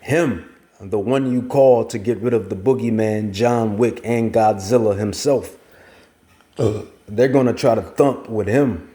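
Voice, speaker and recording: Low-voiced mellow man preaching scripture. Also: measured pace. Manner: rambling, emphatic, repeats phrases. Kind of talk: scripture teaching.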